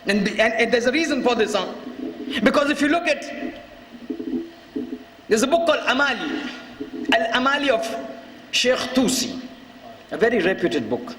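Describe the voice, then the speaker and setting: A man delivering an impassioned mourning sermon as a religious lecturer, often shouting and weaving in Arabic quotations. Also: very high voice, very animated, moderate pace, long pauses. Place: large lecture hall at a religious gathering. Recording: echoey hall with long reverb, faint hiss.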